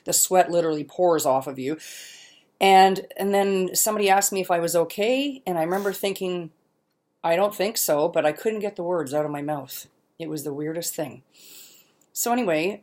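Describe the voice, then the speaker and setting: A middle-aged woman chats into the camera at her mother's home, her voice sitting a little on the low side. She is self-deprecating and laughs often, and now and then she stalls mid-sentence while she searches for a word. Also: darkish tone. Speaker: vlogger. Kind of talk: casual personal vlog.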